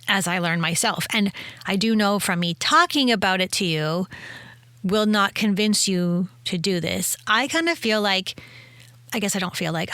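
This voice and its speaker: A woman's voice: mid-range voice, fairly bright tone, no echo. Rambling woman spiritual mentor, dry sound. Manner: rambling, self-correcting, with acted asides. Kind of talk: casual solo podcast talk.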